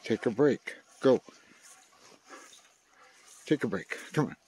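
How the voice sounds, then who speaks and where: A man's voice: medium pitch, lively intonation, takes it slowly, darkish tone, husky. An older man talking casually to his dog, coaxing and teasing it with mild curses. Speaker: dog owner playing with his pet.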